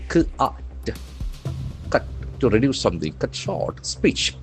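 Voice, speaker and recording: A lower-pitched Indian English man runs a newspaper vocabulary lesson, his voice rising and falling in wide swings. He spells words out letter by letter and says each one again slowly for learners to follow. Soft music plays faintly behind him. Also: sing-song. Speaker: English trainer.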